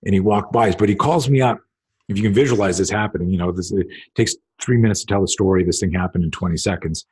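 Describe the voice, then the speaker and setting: A middle-aged man, a self-defense coach, telling stories in a casual interview, rambling and animated, acting out quotes with swearing. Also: sits low, fast, slightly rough. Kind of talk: casual storytelling in a podcast interview.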